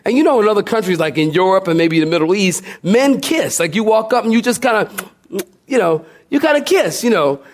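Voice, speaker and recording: A man's voice: high-pitched, lively intonation, brisk, a little hiss or hum. A man delivering a sermon to a congregation. He tells stories with humor and keeps asking the listeners questions. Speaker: pastor. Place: church before a congregation.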